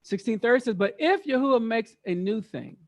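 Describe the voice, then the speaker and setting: Man, high-pitched, interactive scripture teacher who keeps quizzing the room. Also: fairly quick. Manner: lively, quizzes the group, repeats words for emphasis. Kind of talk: interactive Bible study teaching.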